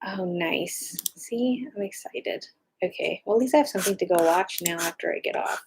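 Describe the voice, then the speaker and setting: Gushing, excitable woman in casual chat. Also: lowish voice, moderate pace, a little hiss or hum. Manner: gushing, excitable, talks while browsing.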